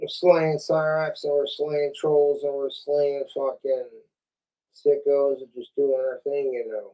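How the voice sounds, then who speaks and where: A man's voice: mid-range voice, little pitch movement, takes it slowly, warm tone, rough recording. A man ranting casually on a livestream, profane and rambling, coughing now and then. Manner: profane, rambling, laid-back. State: coughing from vaping.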